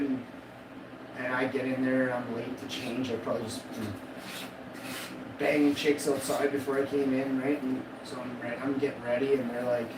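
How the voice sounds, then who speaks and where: A man in his forties spins a long, profane, boastful story on a live stream, laughing at his own punchlines. His voice sits back from the mic in an echoey room. A steady wash of loud background noise runs under everything. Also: fairly high pitch, brisk, recorded from a distance. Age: 40s.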